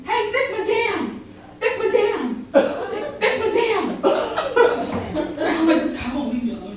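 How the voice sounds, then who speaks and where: A young woman performing spoken word poetry with rhythm and dramatic pauses at a live event in a barber shop. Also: on the high side, slight background noise. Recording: echoey room heard from far off.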